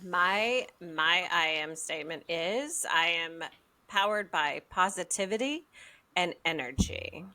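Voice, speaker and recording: A woman's voice: on the low side, animated, slow, sharp tone. A middle-aged woman co-hosting a podcast in casual chat, bubbly and laughing often. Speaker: podcast co-host.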